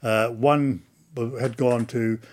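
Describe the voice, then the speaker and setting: An older Australian man telling stories in an oral history interview, chatty and animated, acting out old conversations. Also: mid-range voice, slow. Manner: chatty storyteller, acts out dialogue.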